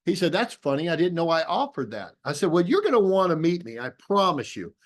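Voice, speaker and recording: Over a video call, a business opportunity presenter gives a motivational talk to an audience, telling a story and acting out both sides of remembered conversations. His voice is a little high, very animated and fairly quick.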